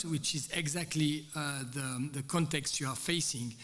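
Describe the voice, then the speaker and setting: A man with a strong French accent giving a conference talk, halting with many ums and uhs and pressing hard on his key points. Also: a little high, fairly even intonation, fairly bright tone, big-room sound. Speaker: conference speaker. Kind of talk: hesitant prepared talk.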